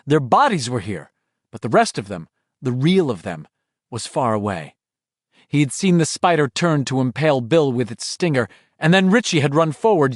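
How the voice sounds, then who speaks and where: A man's voice: medium pitch, no echo, clean studio sound. A man reading a horror audiobook aloud in dramatic scripted narration. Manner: dramatic, shifting delivery.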